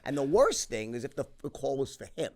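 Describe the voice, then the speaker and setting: Speaking a little fast in a mid-range voice, a middle-aged man tells stories as a podcast guest. It's casual interview storytelling, animated and profane, with lots of restarts and "right?".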